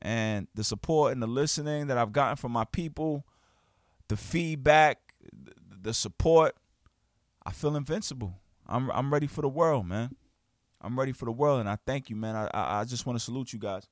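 A man hosting his own podcast, talking in an animated, emphatic, slangy way and acting out quoted friends. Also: mid-range voice, moderate pace, no echo, clean studio sound. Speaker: podcast host. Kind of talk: casual podcast monologue. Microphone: studio podcast mic.

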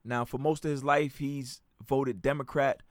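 A young man hosting his own podcast, talking in a casual, animated way with slang and frequent restarts. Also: mid-range voice, unhurried, no echo, clean studio sound. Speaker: podcast host.

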